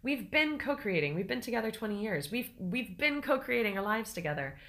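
A middle-aged woman co-hosting a casual podcast conversation. She talks reflectively and becomes animated when she quotes herself. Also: on the high side, a little fast. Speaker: podcast co-host.

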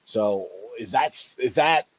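Animated laughing man hosting a podcast. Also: mid-range voice, slow, noisy background. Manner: animated, laughs often, loud when excited. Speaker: podcast host. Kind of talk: casual live-stream sports talk. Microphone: home desk mic.

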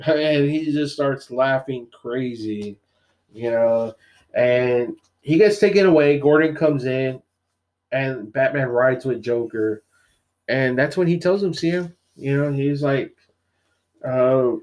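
A man discussing comics casually relays a story with enthusiasm, leaning heavily on "like" and "you know." He talks at a slow pace with a medium pitch.

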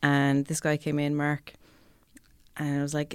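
A woman's voice: low-pitched, monotone, a little slow, clear, resonant tone, no echo. A young woman telling candid stories in casual chat as a guest reviewer, swearing freely.

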